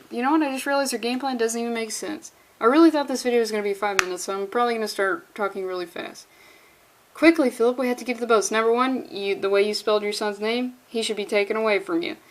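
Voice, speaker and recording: A woman giving a casual comic book review, exasperated, sarcastic and swearing freely. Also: fairly high pitch.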